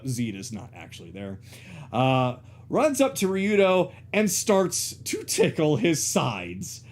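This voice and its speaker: Halting male game master. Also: on the high side, darkish tone. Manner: halting, with fillers. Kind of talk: narrating a tabletop game.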